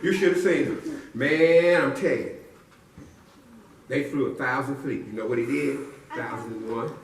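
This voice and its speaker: A man's voice: mid-range voice, normal speed. A man telling a silly story to a live audience with playful call-and-response build-ups. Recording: echoey room from far off.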